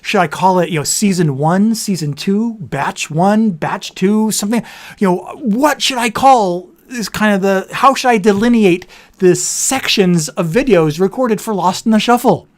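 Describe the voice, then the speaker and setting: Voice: medium pitch, moderate pace. A livestream host of a board game show, chatting casually and rambling with frequent self-corrections. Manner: says their voice turns nasal on camera.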